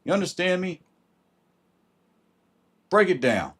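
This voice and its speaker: A man's voice: high voice, big pitch swings, takes it slowly, a bit bright. A man hosting a livestream and giving blunt, emphatic advice in a casual way. He greets viewers by name as he talks. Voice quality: husky.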